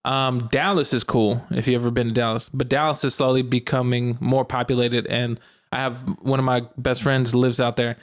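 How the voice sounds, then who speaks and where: A man's voice: mid-range voice, little pitch movement, normal speed, hardly any pauses. Laid-back young man chatting. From Arkansas. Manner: laid-back, slangy, laughs often. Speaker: podcast co-host. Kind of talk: casual chat.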